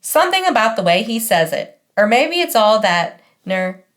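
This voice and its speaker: A woman's voice: fairly high pitch, very animated, moderate pace, a bit bright. A woman reading a first-person audiobook in a wry, conversational manner. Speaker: audiobook narrator.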